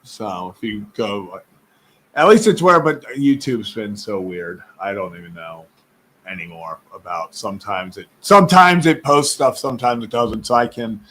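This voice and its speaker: A man's voice: lowish voice, expressive, moderate pace, a bit bright. A man hosting a casual live sports stream, chatty and rambling, laughing often, who says his voice is going.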